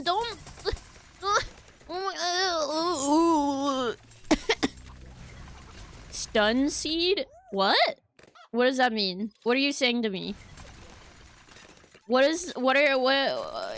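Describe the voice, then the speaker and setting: Young gamer girl on stream, high bright voice, goofy and playful, kinda drawn out. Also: a little hiss or hum. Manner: bubbly, playful, talks to chat and teammates with silly bits. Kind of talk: casual gaming livestream chatter.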